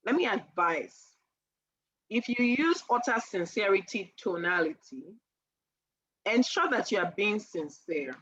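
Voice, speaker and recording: Animated woman coach, laughs often. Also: medium pitch, measured pace, husky, highs cut off. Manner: animated, laughs often, acts out sales lines. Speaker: sales persuasion coach. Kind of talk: casual live-stream lesson.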